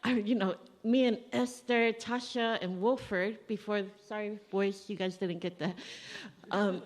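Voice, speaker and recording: A woman's voice: mid-range voice, steady tone, a little slow. A woman giving a eulogy for her father at a family funeral service, telling stories conversationally and acting out remembered dialogue. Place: church. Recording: long reverb of a church hall.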